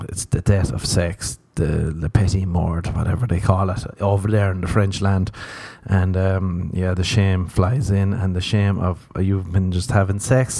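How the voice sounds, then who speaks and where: Profane rambling man, dark voice. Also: low voice, steady tone, normal speed, gravelly, no echo. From Ireland. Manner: profane, self-mocking, acts out voices. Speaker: podcast host. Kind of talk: rambling comedic monologue.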